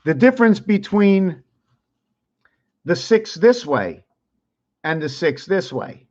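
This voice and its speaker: A man's voice: sits high, expressive, takes it slowly, a little mellow. Rambling man, dull lo-fi sound. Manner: thinks aloud, wandering, repeats words. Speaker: channel host. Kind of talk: rambling explanation while drawing.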